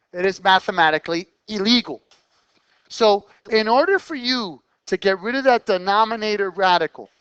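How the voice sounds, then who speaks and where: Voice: mid-range voice, a bit bright, smooth, no echo, poor audio. A math teacher explaining problems step by step in a classroom lesson, checking in with the students through short questions as the explanation goes on.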